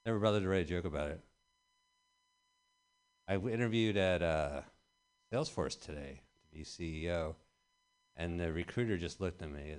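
A man in his thirties performing a rambling stand-up set with deadpan delivery in a small venue. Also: low voice, normal speed, long pauses. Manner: rambling deadpan delivery with bursts of loud emphasis. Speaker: stand-up comedian. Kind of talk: stand-up set at an open mic.

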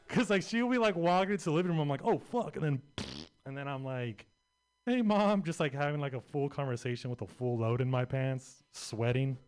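A man's voice: mid-range voice, a little fast, smooth. A young man performing a rambling, profane, self-deprecating stand-up comedy set on a club stage.

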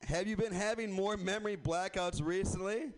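A man's voice: sits high, steady tone, moderate pace, crowd noise. A man doing a rambling, self-deprecating stand-up set at an open mic, laughing at his own jokes. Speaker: stand-up comedian. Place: comedy club open mic. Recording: faint background noise.

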